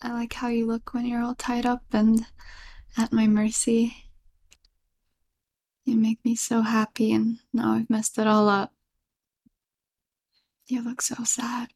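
Clingy yandere girlfriend, voiced by a young woman, for a whispered role-play: unhurried, tender, stammering, giggling. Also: on the high side, monotone, a little mellow. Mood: doting, soft.

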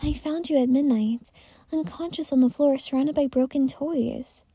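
A woman doing a stern, slow-talking mother. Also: sits high, warm tone, dry recording. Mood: scolding. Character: stern but caring mother.

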